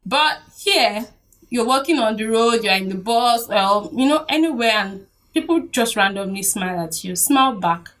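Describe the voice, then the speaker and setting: A woman's voice: fairly high pitch, normal speed, distant mic. Chatty Nigerian woman vlogger. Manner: chatty, animated, laughs often. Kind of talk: casual talk to camera.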